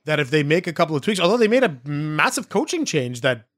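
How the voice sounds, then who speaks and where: A man from Canada co-hosting a sports podcast, eager and talking in quick bursts to his listeners. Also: a little high, very animated, fairly bright tone. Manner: eager, rapid bursts, audience-addressing. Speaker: podcast co-host. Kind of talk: casual sports chat.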